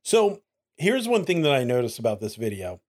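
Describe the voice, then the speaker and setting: A man co-hosting a casual podcast, animated, often repeating lines for laughs. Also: medium pitch, normal speed. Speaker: podcast co-host.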